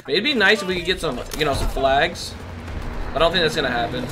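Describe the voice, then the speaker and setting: Excitable young man calling out gameplay. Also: on the high side, a little fast. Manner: excitable, chatty, slangy, laughs and exclaims often. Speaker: gaming youtuber. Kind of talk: live gameplay commentary.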